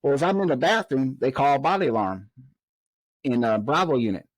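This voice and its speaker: Male podcast guest, middle-pitched, animated storyteller who acts out dialogue, dry close-mic sound. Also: brisk, no room sound. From Southern United States. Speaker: guest, former prison officer.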